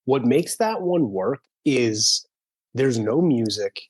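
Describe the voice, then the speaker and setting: A man's voice: medium pitch, expressive, slow, husky, no echo, low-quality recording. A man co-hosting a movie podcast, enthusiastic and acting out scenes as he talks. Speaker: podcast co-host. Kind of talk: casual movie-discussion chat.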